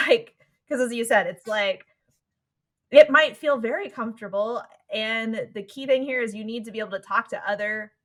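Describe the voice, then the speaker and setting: Bright-sounding woman cohost recapping a cartoon episode, does little voices for the characters. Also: fairly high pitch, normal speed. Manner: animated retelling that acts out the characters' lines. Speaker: podcast co-host. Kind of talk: casual chat recapping an anime episode.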